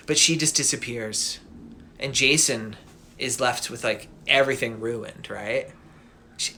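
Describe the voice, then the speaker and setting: Animated, bright-voiced male storyteller. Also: medium pitch. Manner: animated, slangy, laughing asides. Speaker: podcast host, storyteller. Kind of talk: casual myth storytelling.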